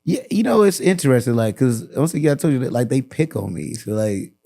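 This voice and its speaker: A man's voice: mid-range voice, big pitch swings, fairly quick, dark tone. A man, a comedian and actor, talking as a podcast guest in a laid-back, slangy, rambling way. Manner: laid-back, slangy, rambling with lots of "you know what I'm saying". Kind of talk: casual sit-down chat.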